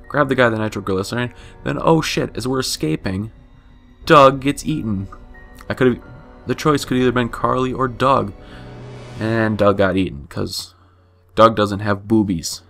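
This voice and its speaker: A man's voice: on the low side, vocal fry, bright, forceful tone. A man giving a casual, flippant game recap, rambling and swearing, correcting himself as he goes.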